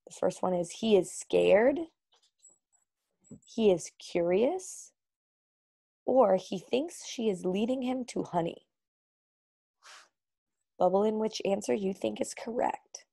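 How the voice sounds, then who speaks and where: Woman teacher, expressive storybook reading, gravelly, husky. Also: mid-range voice, takes it slowly, pauses often. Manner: expressive read-aloud with sound words. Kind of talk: reading a storybook aloud, then quiz questions.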